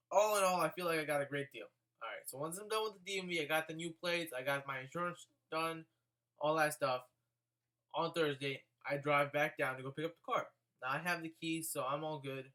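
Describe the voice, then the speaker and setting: Young male vlogger, bright and slightly high voice, profane casual storytelling.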